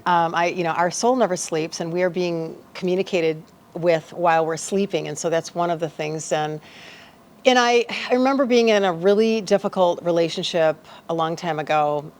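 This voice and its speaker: A woman with a somewhat low voice speaks as a podcast guest. She is a life coach telling a personal story in a casual, animated way, acting out the back-and-forth of the conversation she describes. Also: moderate pace. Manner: animated, acts out dialogue in her stories.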